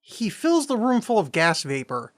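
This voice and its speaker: A man in casual podcast chat with a slightly higher-pitched voice. He talks with excitement and swears freely as he reacts to a film. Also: moderate pace. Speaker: podcast co-host.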